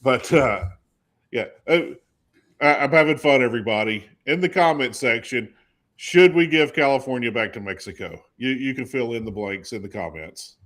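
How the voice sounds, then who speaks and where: A man hosting a casual talk show, chatting and asking his co-host questions in a lively way. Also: medium pitch, normal speed. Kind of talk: casual chat.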